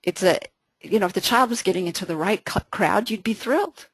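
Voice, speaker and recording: Lively woman leading a Bible study. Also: mid-range voice, fairly quick, breathy edge, no echo. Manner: lively, conversational, frequent restarts. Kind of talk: casual Bible study talk.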